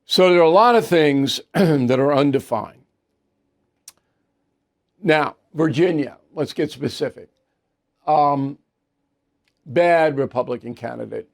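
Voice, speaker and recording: A man's voice: a little high, takes it slowly, creaky, pauses often. A man hosting an opinion news show, talking in a blunt, emphatic way. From New York area. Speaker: news commentary host. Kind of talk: opinion commentary monologue.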